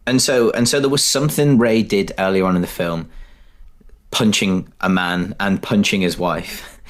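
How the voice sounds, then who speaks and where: A man's voice: low-pitched, moderate pace. A man co-hosting a podcast, animatedly retelling film scenes in casual chat. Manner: animated retelling, acts out movie lines. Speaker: podcast co-host.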